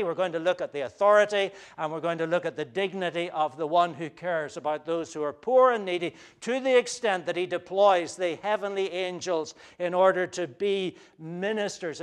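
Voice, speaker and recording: Earnest high-voiced male preacher. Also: smooth. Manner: earnest preaching with frequent restarts and fillers. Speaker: pastor. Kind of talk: sermon.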